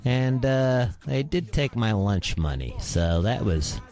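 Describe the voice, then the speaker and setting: A man from New Jersey joking in a deadpan way during casual studio banter. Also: mid-range voice, takes it slowly, faint music behind.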